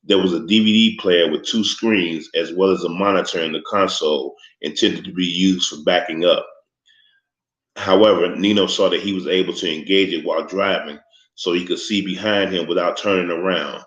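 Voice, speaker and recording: A man reading a novel aloud in steady, measured scripted narration. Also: deep voice. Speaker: audiobook narrator. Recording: echoey, slightly muffled room recording.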